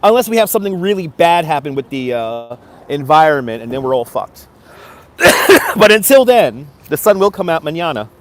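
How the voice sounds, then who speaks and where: A man's voice: on the high side, very animated, moderate pace, a bit bright. An upbeat man live-streaming outdoors on a city street from his phone, greeting viewers by name and giving them a motivational push. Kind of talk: casual live-stream chat.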